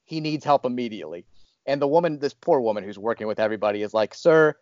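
A man in his thirties tells a story from his own life. He talks in a lively, casual way and often stops to restart a phrase. His voice sounds dull and dry. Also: lowish voice, very fast, no echo. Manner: animated, many restarts and fillers.

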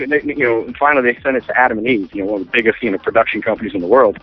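A man's voice: medium pitch, fairly even intonation, racing, slightly rough, dry recording. A man telling his story as an interview guest, rambling with many restarts and acting out quotes. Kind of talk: casual storytelling. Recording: tinny phone line, faint music.

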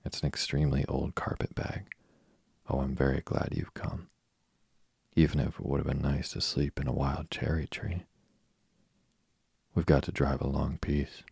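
A man voicing a chatty, imaginative orphan girl in a storybook reading, in his own very deep, gravelly voice. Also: darkish tone, dry recording, clean studio sound, full character voice. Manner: eager nonstop chatter.

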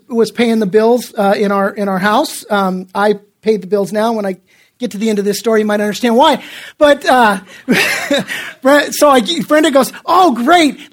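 A man's voice: very high-pitched, normal speed. A middle-aged male pastor preaching in a conversational way, telling self-deprecating stories and often restarting his sentences. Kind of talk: sermon.

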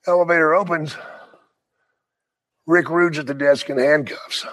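An older man with a slightly raised pitch tells rough, profane stories from his wrestling days. He talks in a loose, animated way and breaks into laughter now and then. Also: measured pace, pauses often, low-quality recording. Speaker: guest, retired pro wrestler. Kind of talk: casual storytelling.

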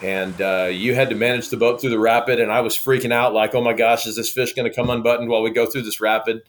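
A man from Oklahoma, a guest telling a story in a lively, casual way. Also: medium pitch, fast talker. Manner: lively, acts out quoted dialogue.

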